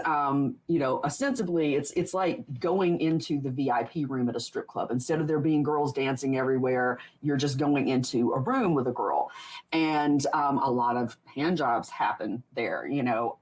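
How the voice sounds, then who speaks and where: A woman's voice: low-pitched, a little mellow. A woman in her forties, a podcast guest telling stories casually, rambling with frequent laughs and restarts. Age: 40s. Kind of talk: casual interview storytelling.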